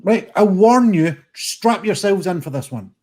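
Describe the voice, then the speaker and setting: Husky, high-voiced self-deprecating punster man. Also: expressive, unhurried, darkish tone. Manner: self-deprecating, warns that his jokes are bad. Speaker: pun contestant.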